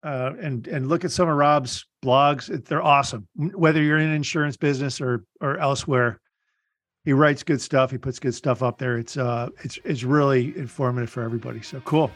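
A man hosting a business podcast, telling blunt, animated stories in a casual interview. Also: medium pitch. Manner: animated storytelling, blunt, fast bursts. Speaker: podcast host.

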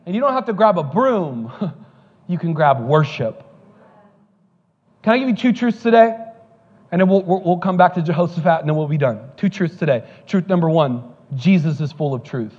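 A man's voice: a little high, lively intonation, normal speed, a little mellow, in a large hall, highs cut off. A male pastor preaching a sermon, telling joking stories before building to fervent preaching at a church service.

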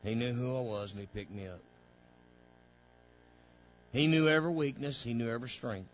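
A man preaching a sermon as pastor, calling out to the congregation and swelling into fervent, loud passages. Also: mid-range voice, moderate pace, highs cut off, slight background noise. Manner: preaching with call-outs to the congregation, rising to loud fervor.

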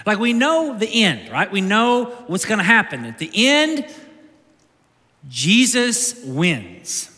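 A man's voice: high-pitched, big pitch swings, slow pace, bright, forceful tone. A man preaching a sermon as pastor, urging his congregation with repeated, exhorting refrains. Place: large church sanctuary. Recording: long reverb of a big hall.

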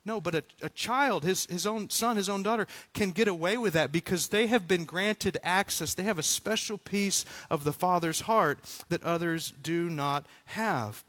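A man in his thirties preaching a sermon, animated, acting out little scenes and often repeating words as he goes. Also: high-pitched, normal speed, hardly any pauses, dry recording. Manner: animated, acts out quotes, frequent repeated words. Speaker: pastor.

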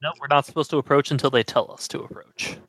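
A man playing a tabletop role-playing game, speaking in a hurried, flustered way. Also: mid-range voice, fairly even intonation, a bit bright, no room sound. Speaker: player. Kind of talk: tabletop play.

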